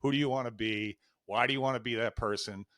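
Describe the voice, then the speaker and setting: A man's voice: medium pitch, fairly even intonation, fast, a bit bright, no echo, studio quality. A man in his fifties, a coach being interviewed, telling candid and emotional stories and acting out old conversations. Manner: candid, emotional, acts out quoted dialogue. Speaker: life and executive coach, guest. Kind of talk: podcast interview, storytelling.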